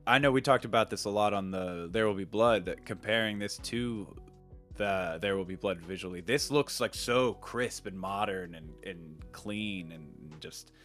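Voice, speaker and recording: A young man co-hosts a casual film podcast in a low voice. He rambles, restarting his sentences and leaning on fillers. Faint music sits behind him. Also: a little slow, fairly bright tone. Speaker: podcast co-host.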